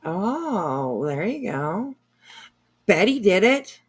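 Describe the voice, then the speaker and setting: A woman hosting a casual livestream, reading viewer comments aloud in a gushing, excitable way. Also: mid-range voice, very slow, breathy edge. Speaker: livestream host.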